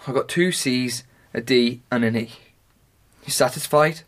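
A woman's voice: medium pitch, lively intonation, unhurried. A woman voicing a moody, defensive British teenage boy in a radio drama. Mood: sulky.

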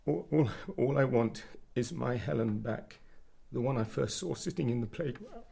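A man's voice: medium pitch, moderate pace, vocal fry, dark tone. An actor playing a controlling, manipulative young husband in a radio drama, guilt-tripping his wife. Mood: strained. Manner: guilt-tripping, pleading then accusing.

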